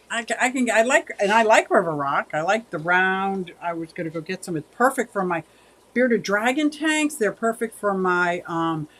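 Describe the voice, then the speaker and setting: A woman's voice: medium pitch, a bit bright. A woman hosting a casual livestream, chatting with viewers in a rambling way and thanking them by name. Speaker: livestream host.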